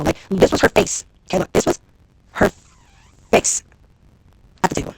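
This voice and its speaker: A woman in her thirties, a reality TV personality, venting on a livestream in a fast, profane, exasperated rant to her viewers. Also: fairly low pitch, huge pitch swings, gravelly, a little hiss or hum, poor audio. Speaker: reality TV personality and executive producer. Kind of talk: Instagram live rant to viewers.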